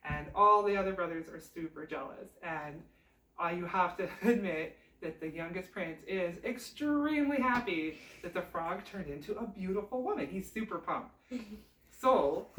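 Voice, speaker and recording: A woman telling a folk tale in a chatty, animated, casual way. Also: on the low side, normal speed, slight background noise. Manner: chatty, animated, laughs often. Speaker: storyteller. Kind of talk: casual oral storytelling. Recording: roomy, distant mic.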